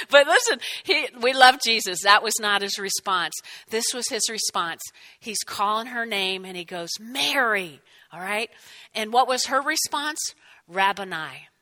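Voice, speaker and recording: A woman's voice: medium pitch, expressive, normal speed, pushed and bright. A woman preaching a sermon, telling a scripture scene expressively and asking her listeners questions.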